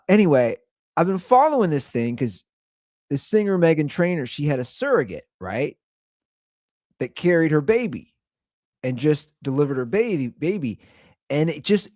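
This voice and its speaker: Animated American man ranting. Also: dry recording, studio quality. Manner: animated, acts out quotes in higher voices. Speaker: podcast host. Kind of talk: casual rant.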